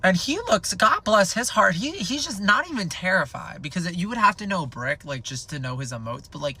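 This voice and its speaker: A man's voice: high-pitched, brisk. A young man telling a comedic storytime in a casual, rambling, profane way, packed with "like". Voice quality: gravelly fry. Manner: rambling, profane, animated, filled with "like".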